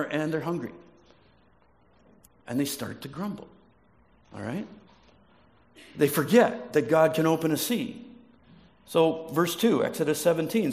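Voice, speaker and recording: A man's voice: a little high, creaky. A man preaching a sermon as a pastor, telling stories, often restarting words and asking the congregation questions. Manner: storytelling, restarts words, asks the audience questions.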